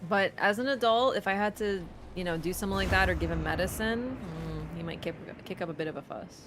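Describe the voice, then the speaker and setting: A woman streamer chatting casually while she plays, rambling with lots of fillers and quick laughs. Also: fairly low pitch, over music. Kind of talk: casual live-stream chat while gaming.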